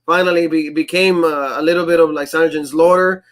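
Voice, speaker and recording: Co-host, male, accented English, slightly high voice, animated and chatty. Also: brisk. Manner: animated, frequently acts out quotes in shifting voices; speaks English with a non-native accent. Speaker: co-host of a wrestling review show. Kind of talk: casual podcast chat.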